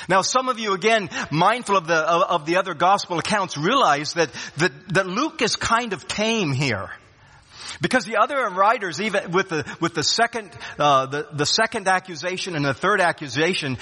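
Brief: male preacher, higher, forceful husky voice, dramatic loud-to-hushed delivery, long reverb of a hall. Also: lively intonation, moderate pace. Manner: dramatic swings between loud rises and hushed drops; repeats words when restarting phrases. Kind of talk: sermon.

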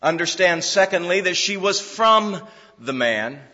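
High-voiced preacher in a reverberant hall. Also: male voice, animated, a little slow, bright, forceful tone, highs cut off. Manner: earnest expository preaching with repetitions and restarts. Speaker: pastor. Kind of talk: sermon.

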